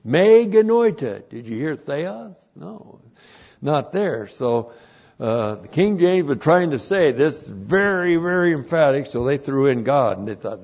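A male pastor teaching a passage word by word, spelling out Greek terms and bursting into loud emphatic phrases. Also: mid-range voice, creaky, dull audio. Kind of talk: expository Bible teaching.

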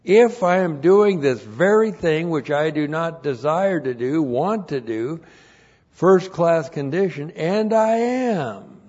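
A man's voice: on the high side, animated, slow pace, darkish tone. A man teaching the Bible verse by verse, working through numbered points and repeating each one twice. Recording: dull lo-fi recording.

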